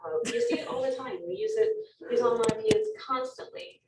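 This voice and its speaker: A woman's voice: on the high side, brisk, roomy sound, recorded from a distance, a little hiss or hum, rough recording. A woman teacher giving a recorded lecture, explaining step by step with frequent ums.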